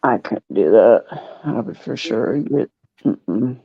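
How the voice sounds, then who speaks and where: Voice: mid-range voice, animated, slow, vocal fry, breathy edge, no echo. Podcast host, casual storyteller who acts out quotes, laughs a lot; dull, dry lo-fi audio. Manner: laughs often. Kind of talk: casual chat.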